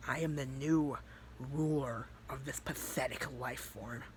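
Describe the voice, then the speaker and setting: A man doing a quiet, cold-taunting demon. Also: mid-range voice, steady tone, unhurried, slight background noise, natural voice. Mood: menacing. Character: menacing male demon possessing a boy.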